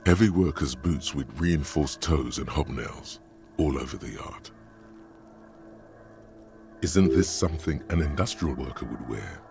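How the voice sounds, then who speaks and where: A man's voice: very deep voice, lively intonation, a little slow, gravelly, long pauses, over music. A man giving dry, sardonic scripted narration for a video game.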